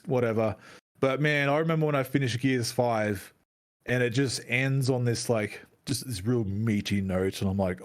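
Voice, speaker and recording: A man co-hosting a laid-back gaming podcast, talking at a middle pitch. He is chatty and excitable and swears freely as he talks. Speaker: podcast co-host. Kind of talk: casual gaming chat.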